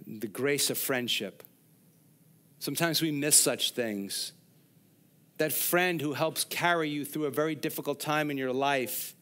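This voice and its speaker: This pastor has a mid-range, fairly bright voice as he preaches an expository sermon in a church sanctuary. He unpacks scripture and puts questions straight to the congregation.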